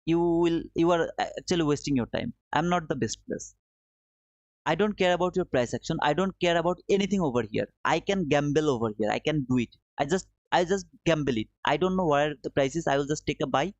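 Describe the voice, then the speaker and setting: A man whose isn't teaches a live trading lesson in a slightly high voice. He circles back on his points and coaxes his viewers. The audio is dry and somewhat dull, like a lo-fi stream. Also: fairly quick, no echo. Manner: repetitive, coaxing, addresses viewers as brother. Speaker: trading livestream host.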